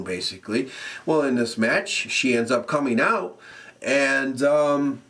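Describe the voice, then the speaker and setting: A man giving a casual, profane, animated recap as a show reviewer, often laughing as he talks. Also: mid-range voice, unhurried.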